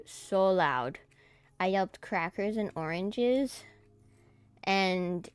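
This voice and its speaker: A woman's voice: medium pitch, clear, resonant tone, no room sound. A woman streamer chatting casually as she plays a game, easily startled and giggly. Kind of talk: casual gameplay commentary.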